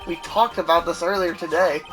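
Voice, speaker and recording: A man's voice: on the high side, steady tone, brisk. Man, joking co-host, laughs a lot, game music behind. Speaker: let's play co-host. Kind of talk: casual gaming commentary.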